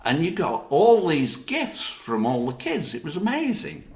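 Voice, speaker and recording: This older actor speaks a little high and unhurried, with vocal fry and a Northern English accent. Telling anecdotes in an interview, he laughs often and acts out what others said, all in a roomy, echoey recording.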